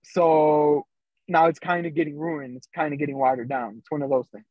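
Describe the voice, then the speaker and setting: A man's voice: fairly high pitch, flat delivery, normal speed, no echo, dull audio. A man co-hosting a podcast, telling a story in a loose, casual way with lots of fillers over a remote call. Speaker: podcast co-host. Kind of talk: casual chat.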